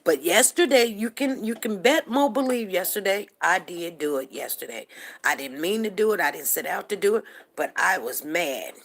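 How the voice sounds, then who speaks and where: A woman hosting a livestream show delivers impassioned commentary, speaking heatedly and emphatically and repeating herself to hammer her points home. Her voice is on the low side and expressive, at a moderate pace.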